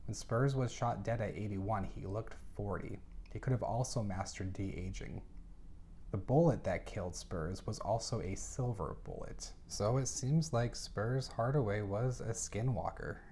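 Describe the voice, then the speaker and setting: A man's voice: fairly low pitch, unhurried, warm tone, slight background noise. A man giving a casual book review, recapping the plot with chatty, exasperated reactions.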